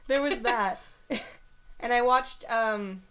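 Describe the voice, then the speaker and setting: A woman's voice: fairly high pitch, slow pace, a bit bright, clean tone. A young woman co-hosting a podcast, telling a story in casual chat with a sarcastic, laughing manner. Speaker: podcast co-host.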